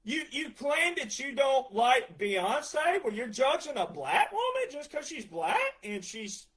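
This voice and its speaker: A man's voice: very high voice, very animated, slow pace, a bit bright, low-quality recording. A man, a retired veteran ranting sarcastically in a heated monologue. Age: 40s. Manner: ranting, sarcastic, mocks others in put-on voices. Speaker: retired veteran ranting about country music.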